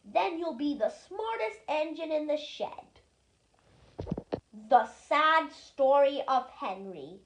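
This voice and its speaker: A reader tells a storybook aloud with lively, expressive delivery. The voice is high and swings widely in pitch. The pace is slow and deliberate.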